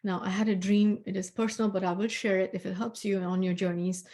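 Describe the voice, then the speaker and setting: A woman, a spiritual healer, telling a personal dream story in an earnest, reflective way with soft hesitations. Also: medium pitch, little pitch movement, fast.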